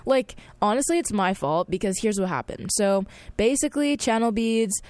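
A woman of twenty chatting casually on air as a campus radio host, excitable and full of slang and fillers. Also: medium pitch, normal speed, no room sound. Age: 20s.

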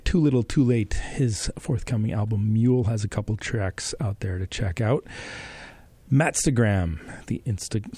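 A man's voice: fairly low pitch, vocal fry, warm tone, breathy edge, no room sound. A man hosting a campus radio music show, chatting loosely between songs with many fillers and restarts, from a studio mic. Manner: rambling, halting with fillers. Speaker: radio host. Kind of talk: casual radio DJ chat.

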